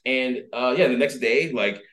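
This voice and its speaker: In an unhurried, medium-pitched voice, a podcast guest shares a casual story. By trade he's a dating and personal development coach, and he tells it with lots of fillers, plenty of animation, and impressions of the people he's quoting.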